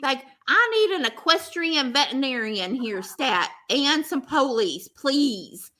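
A woman's voice: high voice, unhurried. A woman, telling a story in casual chat and acting out both sides of the dialogue. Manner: animated, laughing, acts out both sides of dialogue.

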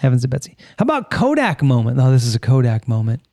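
A man's voice: mid-range voice, wildly swooping pitch, quick pace, mellow, no room sound, studio quality. A man co-hosting a casual podcast, joking and reading out listener comments. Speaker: podcast co-host.

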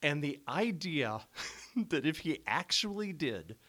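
A man's voice: a little high, very animated, slow pace, sharp tone. A man hosting a casual interview, prompting his guest with curious questions and sharing memories of his own.

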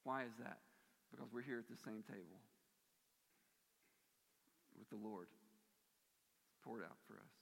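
A man preaching a sermon in a church, earnest and emphatic, swinging between forceful stress and quieter passages. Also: on the low side, unhurried, creaky, pauses often, breathy edge. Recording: long reverb of a large hall.

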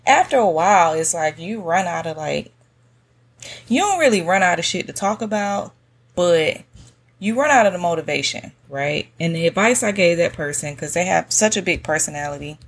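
A woman hosting a solo podcast in a soft, monotone voice, chatting casually with slang and lots of fillers. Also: lowish voice, normal speed. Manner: relaxed, slangy, many fillers. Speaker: podcast host. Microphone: podcast mic on a stand.

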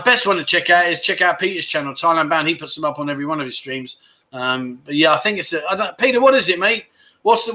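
A man's slightly high, pushed and bright voice carries a casual livestream where he rambles frankly. He reads out what his viewers comment and calls them "mate."

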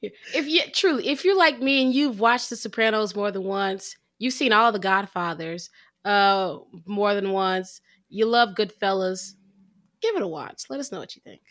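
A woman co-hosting a film review podcast in casual chat, joking and chiming in with quick agreement. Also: medium pitch, fairly bright tone.

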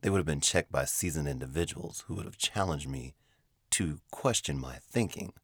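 A man's voice: rumbling low, moderate pace, no echo, studio quality. A man hosting a podcast, telling a confessional story in a dramatic, emotive way and repeating himself for effect. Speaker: podcast host.

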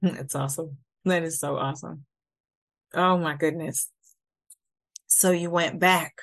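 A woman hosting an interview, responding warmly and encouragingly to her guest. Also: deep voice, steady tone, measured pace. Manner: warm and encouraging. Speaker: podcast host.

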